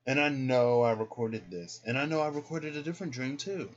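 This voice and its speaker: A man with a medium-pitched voice talks a little fast in a casual tarot vlog, rambling and hesitating as he thinks aloud about his dreams and tarot cards. The lo-fi recording sounds dull and carries faint noise.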